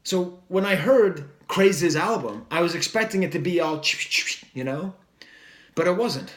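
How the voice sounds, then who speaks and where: A man talks through an album review in a loose, enthusiastic ramble, full of "like" and "you know," with jokey asides along the way. His voice sits a little high for a man. The room around him is roomy and echoey. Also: lively intonation, measured pace. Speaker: music reviewer. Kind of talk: casual record review monologue.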